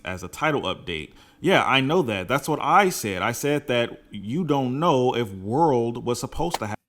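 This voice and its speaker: A man's voice: medium pitch, lively intonation, moderate pace, a bit bright. A man in a played clip giving casual video commentary, blunt and dismissive as he insists on his point. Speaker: content creator in a played response clip.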